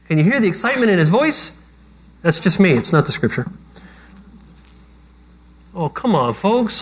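A man's voice: high-pitched, very animated, slow pace, long pauses. A man preaching a sermon as pastor, talking conversationally with self-deprecating jokes.

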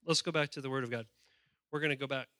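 A man preaching a lively sermon, reading scripture aloud with playful asides and calling on the congregation to respond. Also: medium pitch, quick pace, no room sound, studio quality. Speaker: pastor.

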